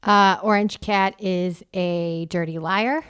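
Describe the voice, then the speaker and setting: A woman's voice: mid-range voice, steady tone, takes it slowly, a bit bright, clear, resonant tone. A woman voicing a brash, crude male cat running for mayor, with a Boston accent and a boastful, combative, foul-mouthed way of talking. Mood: bitter. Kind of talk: improvised comedy role-play.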